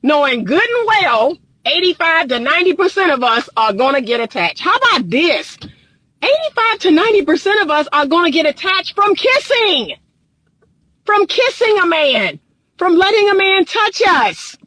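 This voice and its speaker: A woman's voice: very high-pitched, very animated, normal speed, pushed and bright, no room sound. A woman relationship coach, giving an emphatic live-streamed talk and repeating her points for emphasis. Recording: dry close phone mic.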